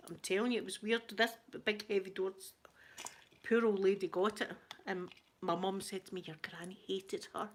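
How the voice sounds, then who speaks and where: A Scottish woman hosting her channel, telling a story in casual, animated chat. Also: mid-range voice, normal speed, slight background noise. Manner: chatty, animated anecdote telling. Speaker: ASMR channel host.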